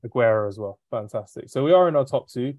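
Fast-talking southern English podcast host. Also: male voice, medium pitch, animated, a little mellow, dry recording. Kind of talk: casual chat.

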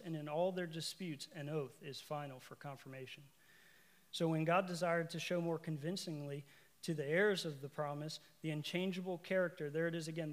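A man with a somewhat high voice delivers a sermon to a congregation. He talks in a conversational way, breaks off for asides and corrections, and builds to emphatic, repeated lines. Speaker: preacher.

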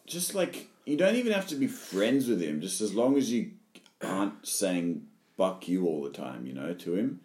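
Brief: deep male guest, casual podcast chat, halting and filler-heavy, roomy echoey sound. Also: sing-song, a little mellow. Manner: hesitant, many fillers, rambling. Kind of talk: casual conversation. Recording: echoey room.

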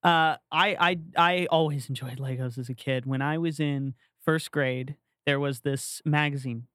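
A man co-hosting a podcast, chatting casually and telling an animated story with playful asides. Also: medium pitch, a little slow, clear, resonant tone, no room sound, clean studio sound. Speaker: podcast co-host. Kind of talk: casual chat.

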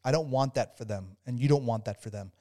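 A man, a former soldier, telling a story as a podcast guest, stumbling over restarts and warming into animated retelling. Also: mid-range voice. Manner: halting, many restarts, grows animated while telling a story. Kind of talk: casual storytelling interview.

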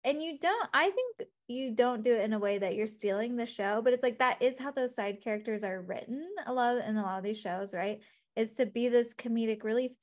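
A woman hosts a relaxed interview in a slightly higher voice. She rambles and chats loosely. Fillers like "like" run through her talk. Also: brisk. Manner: chatty, rambling, says "like" a lot. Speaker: podcast host, interviewer. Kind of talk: casual chat.

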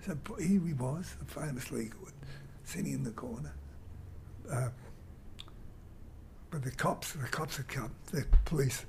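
An older man telling a rambling, animated story in an interview. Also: medium pitch, measured pace, creaky, a little hiss or hum. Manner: rambling, animated storyteller who mimics guitar sounds. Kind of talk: reminiscing anecdote.

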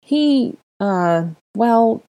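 A woman's voice: fairly high pitch, expressive, extremely slow, warm tone, voice pushed up, full character voice. A woman reading an awkward young man who hesitates and stammers, in a fan fiction audiobook. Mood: nervous.

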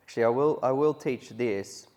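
A man's voice: medium pitch, normal speed, mellow. A man preaching a conversational sermon, often chuckling as he tells stories to his congregation. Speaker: pastor.

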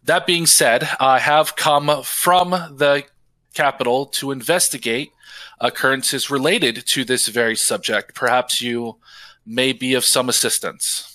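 A man's voice: mid-range voice, fairly even intonation, unhurried, sharp tone, no room sound. A man voicing a large built construct envoy who speaks formally and politely.

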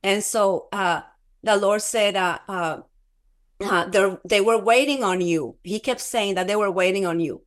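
Woman telling her story, lots of "like" and restarts, earnest, laughs easily, middle pitch. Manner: halting, many filler words and restarts; earnest, often breaks into laughter. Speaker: guest. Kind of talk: personal testimony in a casual interview.

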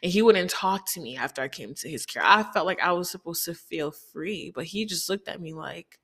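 A woman's voice: fairly low pitch, expressive, a little fast, pushed and bright, breathy edge. A woman from Haiti telling a candid, reflective personal story, often quoting people in dialogue.

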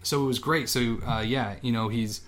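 Male podcast co-host, mid-pitched, loose and profane, acts out quotes while recapping a movie. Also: steady tone, normal speed, a bit bright. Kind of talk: casual chat.

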